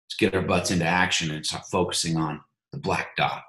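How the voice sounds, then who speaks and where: A low-pitched man hosts a team coaching call with motivational energy. He stumbles over repeated words as he pushes his point. The sound is roomy, with a clear echo around him. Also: steady tone, fairly quick, bright, forceful tone.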